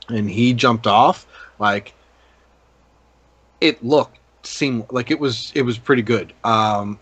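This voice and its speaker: A man of middle pitch talking through a film on a casual review podcast. He rambles, restarts and fills pauses with ums. The sound is dry and close. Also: fairly bright tone, dry recording. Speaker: podcast co-host. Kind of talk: casual movie review chat.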